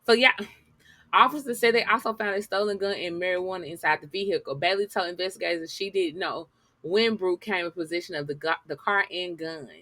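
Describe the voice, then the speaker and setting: Woman vlogger, sassy and blunt, bright voice, dry close sound. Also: on the low side, fairly quick, dry recording. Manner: sassy, blunt, talks straight to viewers. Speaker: news commentary vlogger. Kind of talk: casual commentary reading news articles aloud.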